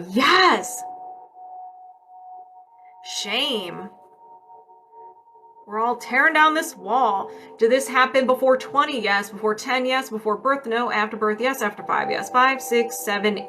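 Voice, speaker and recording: A woman's voice: mid-range voice, pushed and bright. A woman energy healer on a casual livestream, chatty and upbeat, asking and answering her own yes-no questions. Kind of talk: casual livestream healing session.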